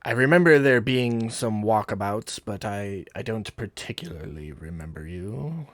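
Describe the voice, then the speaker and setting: A man voicing a gruff male kenku ship's guard who talks in a dismissive, scolding way, in a tabletop game. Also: on the low side, expressive, normal speed, no room sound.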